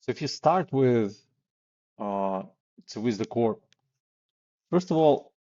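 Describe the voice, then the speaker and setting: A man's voice: medium pitch, expressive, slow, dark tone, lo-fi sound. A man coaching on sales calls in a blunt, casual way, with many fillers and acted example lines. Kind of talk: casual instructional talk.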